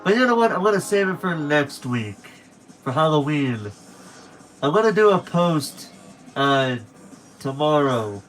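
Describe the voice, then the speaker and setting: A man's voice: a little high, very animated, unhurried, long pauses, a bit bright, soft background music. A young man chatting casually to viewers on a late-night stream, rambling and correcting himself as he goes.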